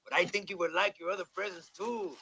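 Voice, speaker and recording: A man's voice: sits high, fairly even intonation, quick pace, vocal fry, bright, forceful tone, slight background noise, heavily acted. An actor playing a fawning male henchman in a comedy film, soothing and eager to please. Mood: placating. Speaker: film sidekick.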